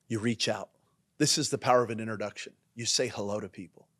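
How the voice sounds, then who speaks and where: A man, a pastor hosting a leadership podcast, teaching in a sermon style, driving points home with repetition and dropping into quieter asides. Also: fairly low pitch, fairly even intonation, fast talker. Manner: emphatic and repetitive, swinging between punchy lines and quiet asides.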